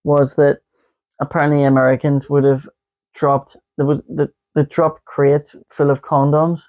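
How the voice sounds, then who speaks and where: Speaking a little slowly in a slightly high voice with little pitch movement, a man co-hosts a casual podcast. He rambles, cracks jokes and fills his talk with lots of fillers, all on dull lo-fi audio.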